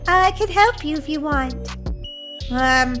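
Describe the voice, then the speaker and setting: A woman hosting a playful gameplay commentary, giggly and excitable, shrieking when startled. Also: high-pitched, takes it slowly, over music. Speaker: gaming channel host.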